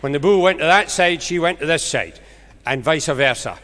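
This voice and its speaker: A Scottish man tells jokes from the stage in a bright, fairly high voice, briskly building each story toward its punchline. His voice rings out through the long echo of a large music hall. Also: lively intonation. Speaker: stand-up comedian. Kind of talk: stage joke-telling. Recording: echoey concert hall.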